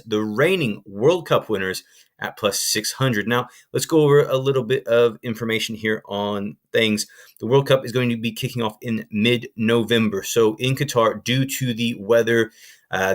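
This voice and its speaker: A young sports betting channel host talks to the camera in a lowish, slightly bright voice. He's casual, chatty, and enthusiastic, his speech heavy with fillers and frequent restarts.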